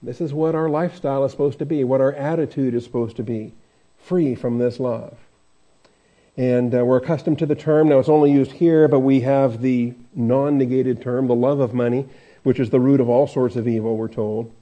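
A man's voice: medium pitch, steady tone, normal speed. A male pastor teaching a Bible passage verse by verse in a conversational way, with frequent fillers and restarts. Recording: dull lo-fi recording.

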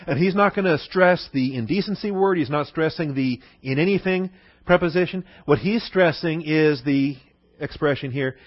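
A man's voice: on the high side, moderate pace, dry recording, highs cut off. A man teaching a Bible lesson in a conversational sermon style, often asking the listeners "okay?". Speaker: pastor.

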